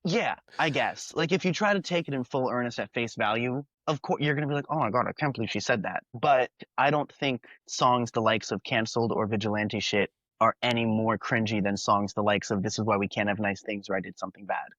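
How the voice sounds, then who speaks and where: A man's voice: lowish voice, brisk, few pauses, a bit bright, no room sound, dull audio. A young man hosting a podcast, chatting earnestly and at length about an album's songs and themes. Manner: earnest, talkative, quotes lyrics in character. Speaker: podcast host. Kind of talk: casual music review chat.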